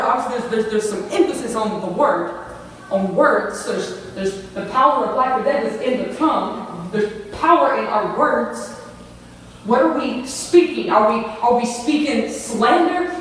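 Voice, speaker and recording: High-voiced woman preaching in an echoey hall. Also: far from the mic, a little hiss or hum. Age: older. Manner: earnest, many restarts and asides. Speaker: youth ministry speaker. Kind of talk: sermon.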